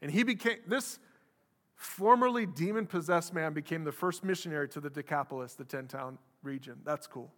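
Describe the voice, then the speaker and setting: Bright-voiced preaching man in a reverberant hall. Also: on the high side, normal speed. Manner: animated preaching, acts out quoted voices. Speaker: pastor. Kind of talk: sermon.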